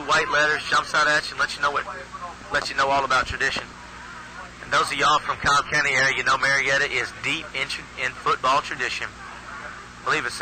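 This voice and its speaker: A man doing live play-by-play commentary at a youth football game, chatty and folksy, often restarting his phrases. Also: mid-range voice. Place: outdoor football field. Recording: noisy outdoor field recording.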